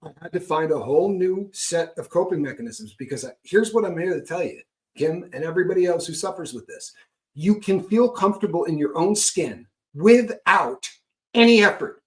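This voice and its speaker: A man's voice: high voice, animated, normal speed. A middle-aged man talking frankly about recovery, emphatic and prone to tagging points with "right?". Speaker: guest speaker on recovery. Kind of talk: candid conversational talk.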